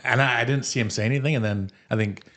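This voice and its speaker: A man co-hosting a podcast, telling a prank story to friends in a casual, animated way. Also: mid-range voice, fast. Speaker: podcast co-host.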